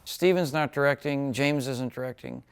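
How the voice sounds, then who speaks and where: A man doing a comedic impression of a veteran film producer who talks slowly with halting "uh" fillers. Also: mid-range voice, clear, resonant tone, natural voice. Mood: casual.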